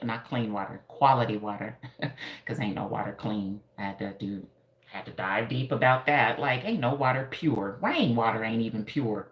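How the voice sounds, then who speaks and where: A hairstylist from Denver chatting playfully on a live stream, laughing often and answering viewers' comments. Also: female voice, rumbling low, a bit bright. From Denver, Colorado. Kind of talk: casual live-stream chat. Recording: echoey room.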